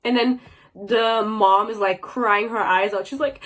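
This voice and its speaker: A woman's voice: fairly high pitch, normal speed, a bit bright, poor audio. A young woman giving a sarcastic, swear-heavy casual book review rant, mocking characters in exaggerated voices.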